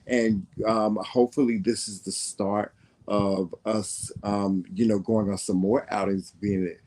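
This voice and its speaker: A man's voice: lowish voice, level tone, a little slow, mellow, rough recording. A man from the American South with a faded Southern accent, chatting casually as co-host and full of fillers and restarts. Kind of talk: casual chat.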